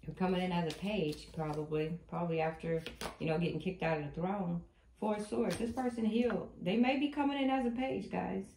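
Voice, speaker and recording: A woman's voice: on the low side, brisk, warm tone. A woman giving a spiritual tarot reading to viewers, emphatic and repetitive as she tells the story of the cards. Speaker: tarot reader. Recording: echoey room, faint noise.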